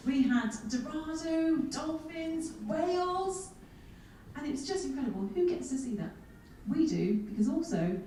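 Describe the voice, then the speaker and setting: A woman's voice: high voice, measured pace. Woman telling funny stories in an echoey hall. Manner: lively, self-mocking storyteller with comic asides. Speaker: keynote speaker. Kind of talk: humorous keynote storytelling. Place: large conference hall. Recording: echoey hall, speaker far from mic.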